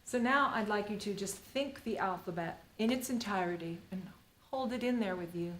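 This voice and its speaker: A woman's voice: medium pitch, moderate pace. A middle-aged woman teaching the Alexander Technique in a live workshop, talking in a rambling, playful way full of fillers. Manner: rambling, playful and chatty, full of "you know" and "like". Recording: roomy echo with faint ambient noise.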